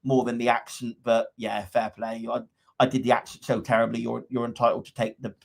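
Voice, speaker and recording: A man's voice: medium pitch, level tone, fairly quick, vocal fry. Wry, rambling man on a podcast. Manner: wry, opinionated, rambling with many restarts. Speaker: podcast co-host. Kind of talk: casual podcast chat. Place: upstairs room at home.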